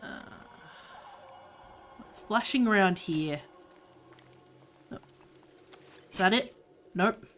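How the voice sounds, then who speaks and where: A woman's voice: medium pitch, animated, drawn-out words, pauses often, soft background music. A woman from Australia with an Australian accent, chatting bluntly and swearing freely while she streams a game. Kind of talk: casual chat while gaming.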